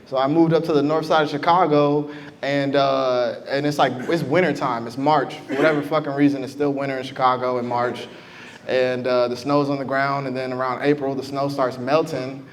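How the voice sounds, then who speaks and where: A man's voice: mid-range voice, flat delivery, moderate pace, big-room sound. A young adult man doing a stand-up comedy set, chatting and teasing the crowd from a club stage. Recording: live club recording with audible crowd noise.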